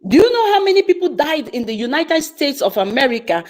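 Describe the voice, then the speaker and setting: A woman's voice: high voice, brisk, poor audio. Passionate woman telling a story. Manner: passionate, repeats and restarts, animated storytelling. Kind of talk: casual testimony on a live call.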